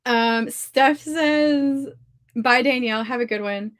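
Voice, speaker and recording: A woman's voice: fairly high pitch, slow pace, fairly bright tone, no echo. Chatty Southern woman, dry close sound. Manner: chatty, gushing, heavy use of "like". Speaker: livestream host of writing sprints. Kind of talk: casual livestream chat, reading comments aloud. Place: her home office.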